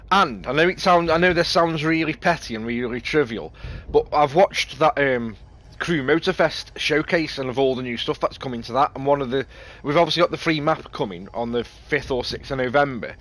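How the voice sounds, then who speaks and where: A man's voice: mid-range voice, expressive, brisk, fairly bright tone. A British man chatting casually and rambling as he streams a game, laughing easily. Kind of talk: casual live stream chat.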